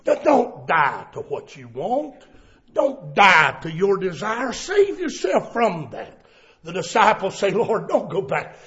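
Preacher guy, slow and dramatic, loud then hushed. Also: high voice, wildly swooping pitch, muffled recording. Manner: dramatic, swings from shouts to hushed tones. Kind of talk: sermon.

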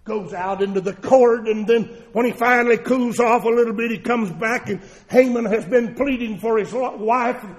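A man preaching a sermon in a church service, telling the story dramatically, moving from hushed to shouting. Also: very high-pitched, normal speed, few pauses. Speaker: pastor. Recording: long church hall reverb.

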